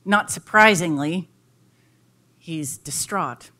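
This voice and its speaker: A woman giving a public lecture who tells a folk tale in an expressive, dramatic way. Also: fairly low pitch, slow.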